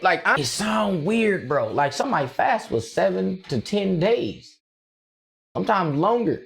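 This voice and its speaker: A man streaming casually, rambling excitedly with lots of slang and frequent laughter as he reacts to his chat. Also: sits high, normal speed, gravelly. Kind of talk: casual livestream rant.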